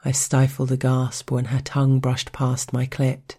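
A woman with a husky voice, narrating an intimate first-person story in a slow, stern, controlled way. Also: extremely low pitch, completely flat delivery, mellow.

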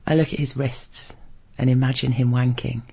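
Man, erotic story reading, husky, breathy, monotone, measured. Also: medium pitch.

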